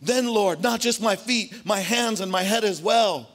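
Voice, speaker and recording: A preacher putting on an eager, blurting disciple. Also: male voice, sits high, measured pace, fairly bright tone, pitched above the performer's own voice. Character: excitable loud-mouthed male disciple, eager.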